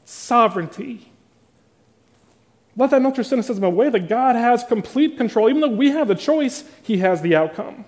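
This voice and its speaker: A man's voice: very high-pitched, lively intonation, moderate pace, a little mellow. A male pastor preaching a morning sermon, reading scripture and then driving his point home with emphatic, building intensity.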